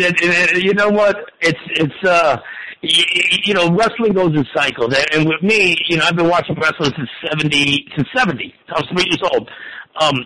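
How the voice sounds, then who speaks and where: Excitable stammering man in his forties. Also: a little high, a little hiss or hum, poor audio. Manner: excitable, stammering restarts, crude swearing. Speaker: wrestling and football pundit guest. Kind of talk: excited casual sports talk.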